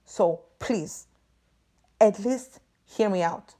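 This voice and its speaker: A woman's voice: mid-range voice, very slow, warm tone. A woman hosting a podcast, delivering an exasperated, profane and emphatic ranting monologue. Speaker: podcast host.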